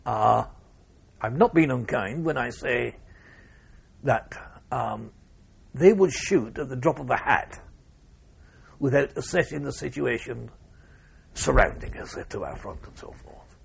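An older man, telling an interviewer his wartime memories in a measured way, with pauses and restarts. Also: medium pitch, animated, gravelly, husky. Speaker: war veteran interviewee. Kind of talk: oral history interview.

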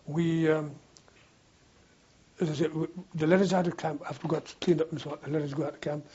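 Husky older man telling war stories. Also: a little high, little pitch movement, a little fast, dark tone, highs cut off. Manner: rambling anecdotal storytelling, frequent restarts. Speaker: war veteran interviewee. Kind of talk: oral history reminiscence.

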